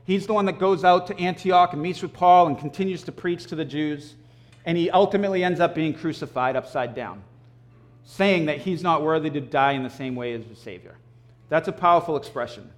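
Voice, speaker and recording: Male preacher, high pitch, casual animated sermon style with throat clearing between points. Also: brisk. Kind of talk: conversational sermon.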